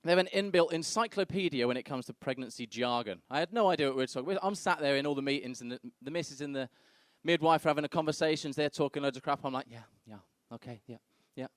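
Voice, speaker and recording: The young comic's voice is on the high side, and he races along with hardly any pauses in a dry recording with clean studio sound. His comedy club set consists of brash, crude stories in which he performs other people's voices.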